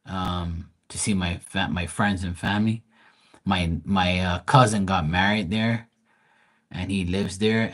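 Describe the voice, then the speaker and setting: A man with a deep voice and a Bermudian accent chats with viewers on a live tarot stream, rambling casually and swearing now and then. The recording is rough.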